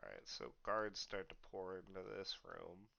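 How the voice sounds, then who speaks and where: A man narrating as game master of a tabletop game in a relaxed, low-key way with fillers. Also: moderate pace, gravelly, muffled recording.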